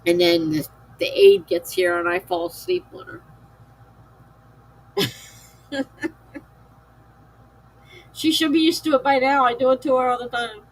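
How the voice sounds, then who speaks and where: Her pitch sits on the high side and her intonation is lively, though the recording is rough. She's an American woman, weary and slow, casually chatting with her live-stream audience as she reads their comments, laughing frequently.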